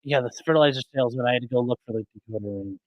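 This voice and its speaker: A man reads his chat aloud and answers viewers during a live stream, talking at a racing pace in a medium pitch and pausing to adjust his mic settings. He's chatty and rambling, and the desk-mic audio is dull with no room sound.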